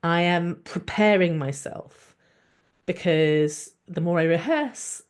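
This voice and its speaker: A woman with a fairly low speaking voice, talking straight into a podcast mic in a frank, reflective monologue. She thinks aloud and often restarts her sentences, and she speaks candidly and expressively, with the odd swear. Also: slow, smooth. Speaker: doctor and podcast host.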